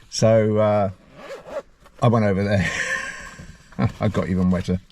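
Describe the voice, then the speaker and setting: A man's voice: on the low side, moderate pace, creaky, long pauses, darkish tone, a little hiss or hum. A man narrating his own road-trip vlog in a chatty, jokey way, mixing casual remarks with read-out facts. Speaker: travel vlogger.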